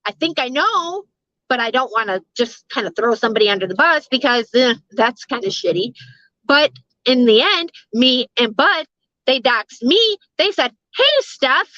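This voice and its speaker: A middle-aged woman talks in a high, bright, sharp voice, rambling through casual live-stream chat. She swears freely and laughs often, and the sound is dry and a little dull, as if on a lo-fi mic. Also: animated, normal speed, no room sound. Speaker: streamer chatting with live viewers.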